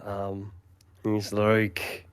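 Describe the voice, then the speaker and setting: Low, unhurried male game master. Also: smooth. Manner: relaxed, rambling narration with fillers and laughs. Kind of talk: narrating a tabletop game.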